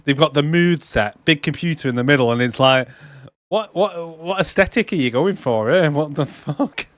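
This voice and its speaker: A man's voice: fairly high pitch, moderate pace, no room sound. A young man co-hosting a movie podcast, swearing a lot and laughing often as he retells scenes and mocks the lines in put-on voices. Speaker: podcast co-host. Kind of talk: casual movie recap chat.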